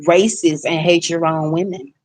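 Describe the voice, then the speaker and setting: A woman vlogger ranting casually to her viewers in a fairly low voice. She is blunt and outspoken, and the sound is dry and close. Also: steady tone, normal speed, darkish tone, no echo.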